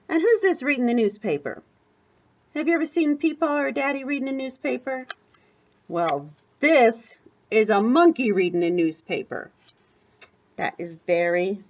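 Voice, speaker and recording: An older woman, a grandmother, reading a picture book aloud to a small child, animated, with gasps and asides to the child. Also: medium pitch, lo-fi sound. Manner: animated, gasping, talks to the child between pages. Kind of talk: storybook read-aloud to a child.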